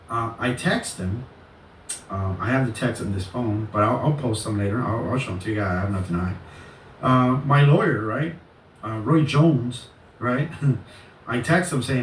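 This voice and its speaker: A man's voice: medium pitch, a little slow, pauses often. Rambling man ranting in an echoey room. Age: adult. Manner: rambling, animated storytelling, profane. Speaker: channel host. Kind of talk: casual vlog rant. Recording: echoey, distant mic, faint noise.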